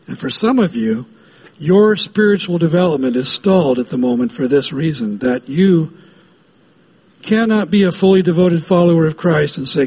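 A man's voice: on the high side, lively intonation, moderate pace, a little mellow, slightly rough. A man preaching a sermon as pastor, emphatic and given to repeating key phrases.

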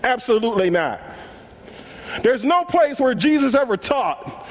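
A man's voice: extremely high pitch, unhurried. A man preaching a sermon in African American English, acting out the dialogue in casual slang as he tells stories. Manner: animated storytelling, acts out dialogue in casual slang. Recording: long hall reverb.

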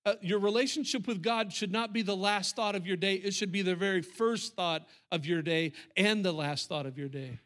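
A man's voice: sits high, normal speed, few pauses, a bit bright. A middle-aged male pastor preaching a sermon, emphatic and repetitive, talking straight to the congregation.

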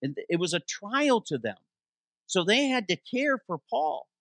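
Male interim pastor, sermon delivery, slightly higher pitch, dry close sound, animated with question-and-answer emphasis. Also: vocal fry, no room sound. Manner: animated preaching, reads scripture aloud with slowed emphasis; asks the congregation questions and answers them. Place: church sanctuary.

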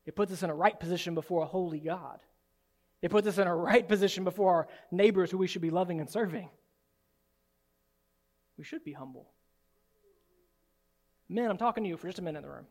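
A man preaching a sermon as pastor in a church, swinging from soft, low asides to loud, high exclamations. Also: brisk, pauses often. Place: church sanctuary.

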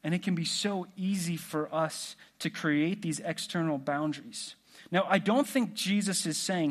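A man preaching a sermon in a relaxed, conversational way, asking the congregation questions. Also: high-pitched, normal speed. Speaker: pastor.

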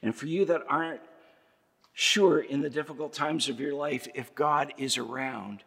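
Man, pastor, sermon, raspy gravelly voice, emphatic repetition, church hall reverb. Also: a little high, normal speed, fairly bright tone. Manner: rhetorical questions, emphatic repetition.

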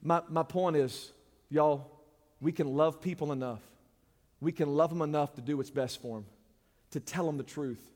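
A man delivering a sermon as a pastor, direct and unsparing in how he speaks. His voice sits a touch high and rises to emphatic peaks before dropping low and quiet. The sound carries a long echo of a church hall. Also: moderate pace. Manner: blunt, straightforward preaching that swings from loud to hushed.

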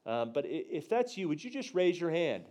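A man teaching a church group on prophecy, telling a story from the pulpit and acting out his own quotes, dropping quiet for tender moments and jumping loud for punchlines. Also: moderate pace, noisy background. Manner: animated storyteller, acts out his own quotes with big jumps in pitch and volume. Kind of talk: storytelling sermon.

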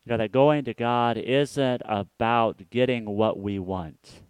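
A man preaching a reflective sermon as a pastor. He often repeats words and trails off softly at the ends of his phrases. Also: medium pitch, steady tone, slow, clean tone, no room sound.

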